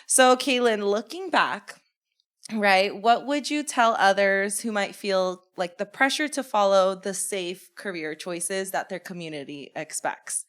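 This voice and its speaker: A woman's voice: medium pitch, unhurried, fairly bright tone, clean tone. A woman hosting a casual podcast chat, giggly and laughing often between her lines. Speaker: podcast host.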